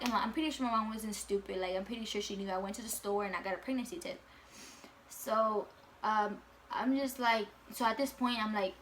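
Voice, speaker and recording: A woman's voice: a little high, a little fast, a bit bright, slight background noise. A young woman vlogger telling a casual storytime, full of fillers and swearing.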